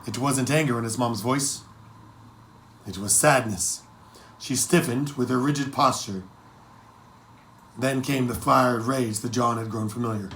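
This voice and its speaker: A man narrates an adventure story in a gravelly, mid-pitched voice. His delivery is steady and measured, as in an audiobook. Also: slight background noise. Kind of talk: scripted narration.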